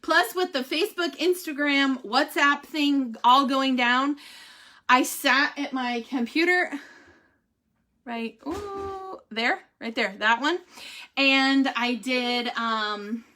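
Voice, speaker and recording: Middle-aged woman, casual vlog host, high and bright, animated, quick to laugh. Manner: animated, laughs often, says "holy cow" and "y'all". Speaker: vlogger giving a family update and product review.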